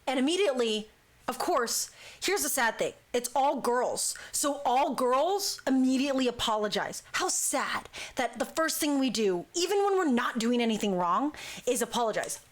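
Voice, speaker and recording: A woman hosting a talk show, telling a story in a lively, casual way and acting out what people said. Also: sits high, moderate pace. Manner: lively, acts out quoted speech. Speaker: talk show host, dance crew member.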